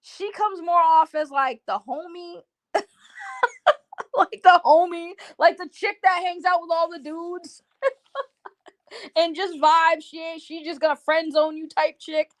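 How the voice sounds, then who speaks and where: Young woman gushing through a movie review, high voice, slangy and swears a lot. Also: slow, long pauses. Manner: excitable, slangy, swears freely. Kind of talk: casual spoiler review to camera.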